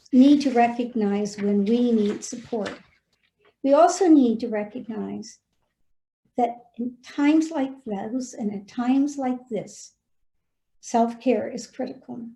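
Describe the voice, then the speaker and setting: Earnest woman speaker, warm echoey sound. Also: fairly high pitch. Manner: earnest, heartfelt, gently urging. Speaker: former head of school, guest speaker. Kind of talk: personal storytelling and advice to school leaders.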